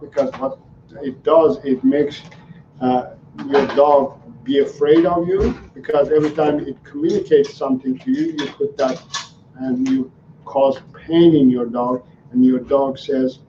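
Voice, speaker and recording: A man's voice: on the high side, noisy background. A male dog trainer answering viewer questions live, explaining in an earnest, repetitive way. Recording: roomy, slightly dull livestream audio.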